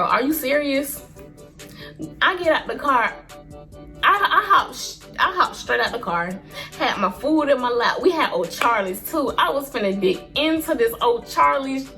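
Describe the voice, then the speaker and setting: A woman in her early twenties tells a personal story to her vlog audience in an animated, expressive, slangy way. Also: fairly high pitch, vocal fry. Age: early 20s. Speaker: vlogger.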